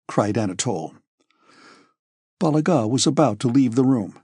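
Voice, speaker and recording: Husky male audiobook narrator. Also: medium pitch, animated, moderate pace, darkish tone, no echo, clean studio sound.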